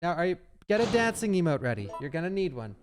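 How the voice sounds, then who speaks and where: Animated male gaming streamer, lively pitch swings, game music behind. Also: fast talker. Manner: excitable, animated, chatty with viewers. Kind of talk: live gameplay commentary.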